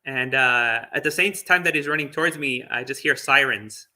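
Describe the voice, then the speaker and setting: A man's voice: medium pitch, normal speed, pushed and bright. A man who is a Buddhist monk telling a personal story in a chatty way, with fillers and small laughs. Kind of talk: casual storytelling talk.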